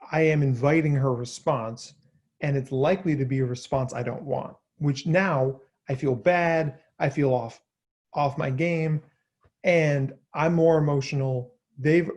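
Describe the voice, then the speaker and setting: A man's voice: a little high, darkish tone. A man in his thirties reading his parenting blog post aloud, earnest and self-deprecating, often acting out the things people say. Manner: earnest and self-deprecating, acts out quoted requests. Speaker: parenting advice speaker.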